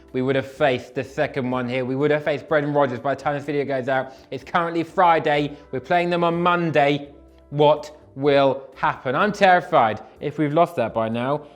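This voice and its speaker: Jokey young Englishman hosting commentary. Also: fairly high pitch. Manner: jokey, self-deprecating, animated bursts. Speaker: host reading viewer comments. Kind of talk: casual comedic commentary.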